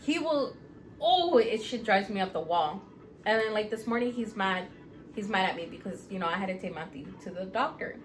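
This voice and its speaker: A woman co-hosting a podcast, telling stories in casual chat, animated and profane, acting out quotes loudly. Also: medium pitch, a little fast, a little hiss or hum. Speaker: podcast co-host.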